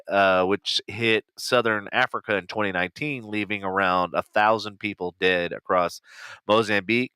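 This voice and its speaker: Guy reading posts on a podcast, bright crisp voice, cusses a lot. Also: fairly low pitch, no room sound. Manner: swears freely and laughs while reading. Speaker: podcast co-host. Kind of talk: casual chat, reading out news and posts.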